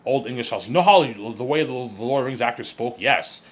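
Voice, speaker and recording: A mid-range male voice talks fast in a rambling, casual vlog monologue. The man circles back to the same points often and sounds bragging and self-assured.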